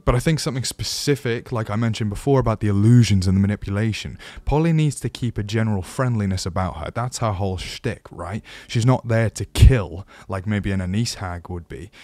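A man's voice: fairly low pitch, darkish tone, dry recording. A man hosting a casual voice-acting tutorial, chatty, enthusiastic and self-deprecating. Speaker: host of a voice-acting channel.

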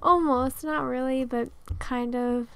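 A woman's voice: high-pitched, fairly even intonation, slow, clean tone, no echo. A young woman chatting casually over a game video, rambling with lots of fillers and little laughs. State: out of breath. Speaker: Sims builder and video creator.

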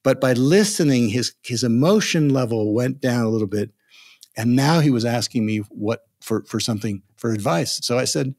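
Vivid older male storyteller, podcast guest, mid-pitch voice. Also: normal speed. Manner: animated storyteller, acts out quoted voices. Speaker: negotiation expert guest.

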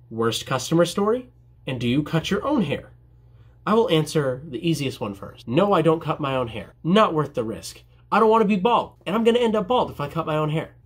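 A young man chats straight to camera, answering viewer questions about his barbering work. His voice is a touch high for a man and slightly husky. He jokes at his own expense and slips into quick impressions of his customers. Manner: jokey, self-deprecating, mimics customers. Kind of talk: casual vlog Q&A.

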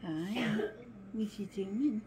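A woman's voice: mid-range voice, drawn-out words, very noisy. A woman filming her dog at home, talking to it in cooing baby talk with lots of laughs. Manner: cooing, teasing, often laughing.

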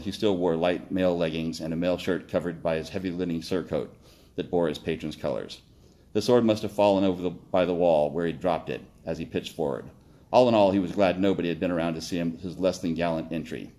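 A man reading his own story aloud, steady with occasional slips and self-corrections. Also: low voice.

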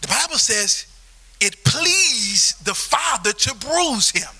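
High, bright-voiced pastor preaching. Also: male voice, takes it slowly, breathy edge. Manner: animated storytelling preaching that swells into shouting. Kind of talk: sermon. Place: church sanctuary.

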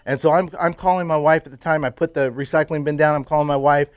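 A middle-aged man telling his personal faith story to a men's group, drifting into hushed, emotional moments. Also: fairly high pitch, fairly even intonation, fast, few pauses, dry recording. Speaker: testimony speaker at men's breakfast.

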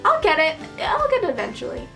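Young woman, book vlogger, excited casual chat, high voice, gushing, giggly. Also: a little fast, gravelly, faint music behind. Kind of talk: excited casual vlog reaction.

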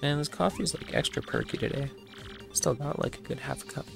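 A let's-play host chatting playfully between scenes of a game. The voice has a gravelly, fry-laden edge at a middling pitch. Game music plays clearly underneath. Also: fairly quick. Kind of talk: casual let's play commentary.

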